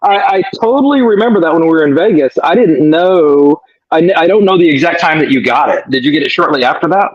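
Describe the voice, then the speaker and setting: Joining a live stream remotely as co-host, a man jokes and rambles casually, laughing easily. His husky voice is a little high, expressive and fast. The remote call audio is dull and lo-fi.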